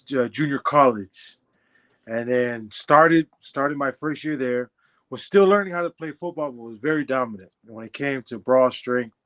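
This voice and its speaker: A man's voice: mid-range voice, fairly bright tone. A young man in his twenties, a podcast guest casually telling his life story, acting out dialogue and laughing often. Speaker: podcast guest, former football player.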